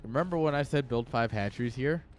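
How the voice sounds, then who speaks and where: A young man commenting live on an esports match in an excitable, joking way, talking straight to his chat. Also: mid-range voice, fast, soft background music. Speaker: game caster.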